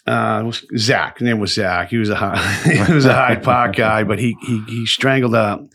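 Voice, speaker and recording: Low-voiced rambling man. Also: fairly even intonation, a bit bright. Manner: rambling, halting, full of restarts and fillers. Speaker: podcast host. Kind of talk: casual storytelling chat.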